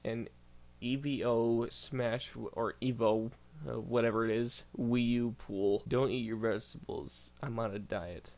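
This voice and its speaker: A man's voice: medium pitch, little pitch movement, a little slow, a little mellow. A man doing casual reaction commentary as a YouTuber, reading posts aloud, stumbling over words and bursting out in disbelief.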